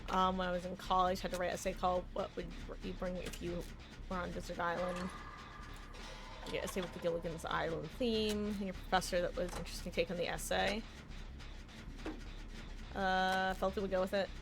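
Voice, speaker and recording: A woman's voice: lowish voice, completely flat delivery, brisk, music in the background. A young adult woman streaming a game, thinking aloud in casual commentary with self-mocking asides.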